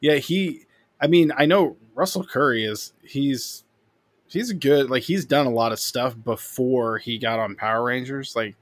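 A man's voice: medium pitch, unhurried, no echo. A man co-hosting a podcast in casual chat, rambling and speculating as he talks. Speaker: podcast co-host.

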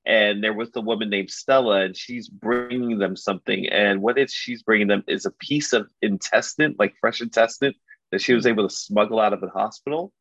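A man casually retelling a story as a podcast co-host, animated and loose, full of filler words. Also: lowish voice, brisk, no echo. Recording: dull lo-fi dry recording.

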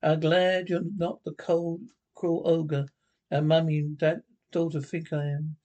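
A man's voice: a little high, level tone, unhurried, mellow, highs cut off, lightly acted. An actor playing a jealous, short-tempered stepfather in a 1960s television drama, talking with sarcastic bite. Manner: sarcastic and cutting.

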